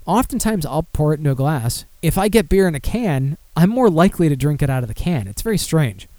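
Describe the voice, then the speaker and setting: A man's voice: mid-range voice, darkish tone, dry recording. A man casually hosting a beer podcast, rambling and swearing as he reads listener comments aloud. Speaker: podcast host.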